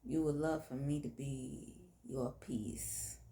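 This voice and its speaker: A woman host with a Southern US accent, speaking frankly and deliberately, addressing men directly. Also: very deep voice, steady tone, mellow, roomy sound. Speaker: podcast host. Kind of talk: frank monologue on faith and relationships.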